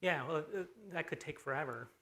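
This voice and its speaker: Man, panel expert, slightly high bright voice, fast keen explaining. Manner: quick, enthusiastic explaining. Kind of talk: conference panel answer.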